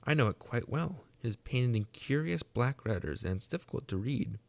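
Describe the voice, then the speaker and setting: A man reading aloud, voicing an earnest, gentle young girl in a raised voice. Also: lively intonation, normal speed, vocal fry. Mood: eager. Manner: raised pitch, bright and eager.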